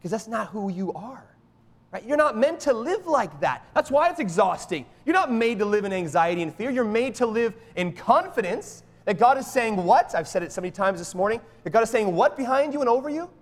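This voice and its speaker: A middle-aged man preaching a sermon in an animated, emphatic way, often checking in with the congregation by asking "right?". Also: sits high, a little fast, big-room sound. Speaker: pastor.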